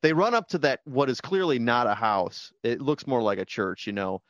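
A man's voice: medium pitch, moderate pace, no room sound, lo-fi sound. A man co-hosting a podcast, chatting casually and rambling about a movie he loves. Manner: rambling, animated, quotes movie lines in put-on voices. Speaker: podcast co-host. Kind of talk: casual movie-review chat.

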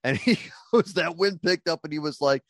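Man, podcast guest, lively storyteller, slightly higher voice, dry close mic. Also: normal speed, no room sound. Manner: animated storyteller, acts out quotes. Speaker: band frontman, podcast guest. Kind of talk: casual chat, telling road stories.

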